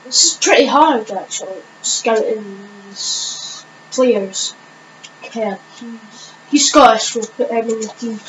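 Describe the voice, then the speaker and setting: A woman with a fairly high voice talks through a video game at a very slow, unhurried pace, thinking aloud and hesitating often. The recording sounds dull and lo-fi, with a faint hiss underneath. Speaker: gaming channel host. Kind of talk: casual gameplay commentary.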